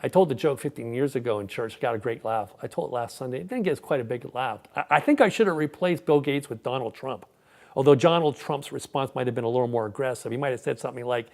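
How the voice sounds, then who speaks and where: A man's voice: mid-range voice, quick pace, gravelly, a little mellow. A male pastor giving a conversational sermon, often repeating words as he starts sentences. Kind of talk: sermon with a joke.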